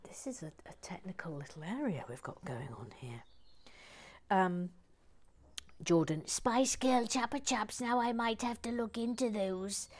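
Woman host, unhurried live-build chat, dry humour, soft murmured asides. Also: medium pitch, slight background noise. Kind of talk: relaxed live building stream with chat reading.

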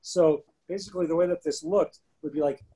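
A man in his thirties co-hosts a casual podcast and tells a story with lively energy. His voice sits a little high, with a husky, mellow tone. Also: brisk, rough recording. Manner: animated storyteller, bursts into rapping. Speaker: podcast co-host.

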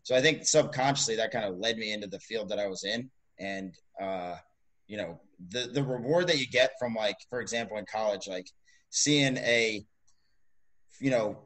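A man co-hosting a podcast, talking in a relaxed, rambling way full of "like" and "you know". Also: medium pitch. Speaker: podcast co-host. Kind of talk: casual chat.

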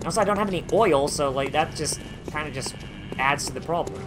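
A man's voice: on the high side, a little fast, music in the background. A man streaming a video game, talking casually with sarcastic jokes, heavy swearing and frustrated outbursts. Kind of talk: casual gameplay commentary.

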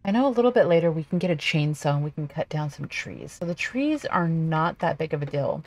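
Chatty, lower-pitched woman gamer. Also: fairly quick. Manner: chatty, excitable, talks to herself while playing. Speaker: gaming video host. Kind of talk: casual gameplay commentary.

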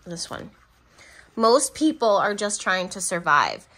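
A woman's voice: mid-range voice, big pitch swings, slow, bright, forceful tone. A woman giving a pick-a-card tarot reading, chatty and affectionate, speaking straight to her viewers and laughing between remarks. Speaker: tarot reader.

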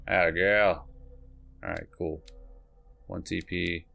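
A man's voice: sits low, steady tone, slow pace, gravelly, bright, forceful tone. A young man giving casual let's-play commentary, jittery and swearing, repeating himself as he plays. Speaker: gamer.

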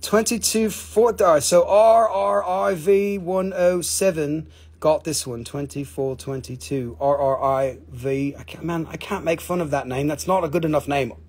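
A man's voice: fairly high pitch, measured pace, a little mellow. A man hosting a live mineral sale, chatting casually with viewers, joking and teasing as he shows each piece. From Appalachian region of the United States. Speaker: host selling minerals on a livestream. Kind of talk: casual live sales chat.

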